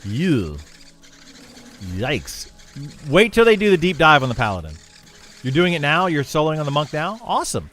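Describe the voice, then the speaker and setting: A man's voice: on the high side, sing-song, normal speed, pauses often, a bit bright, soft background music. A young man streaming a game and chatting casually with viewers, rambling with lots of fillers and restarts. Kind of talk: casual livestream chat with viewers.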